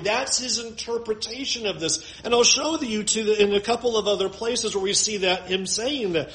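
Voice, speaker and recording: A man preaching a sermon, reading scripture slowly and with drama, then asking his listeners questions. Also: high voice, fairly bright tone, echoey room, poor audio.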